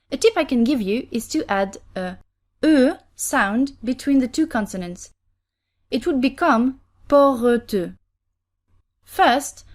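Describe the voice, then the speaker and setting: A young woman with a French accent, a podcast host teaching pronunciation in a slow, careful, instructive way. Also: on the high side, darkish tone. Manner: slow, careful, instructive delivery with repeated drills. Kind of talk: pronunciation lesson.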